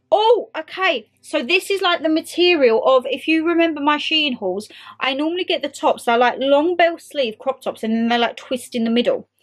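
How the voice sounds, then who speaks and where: A young British woman chatting excitedly to viewers and to her clothes in a casual haul video. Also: high voice, moderate pace, faint music behind. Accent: British English. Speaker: vlogger. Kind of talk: casual try-on haul chat.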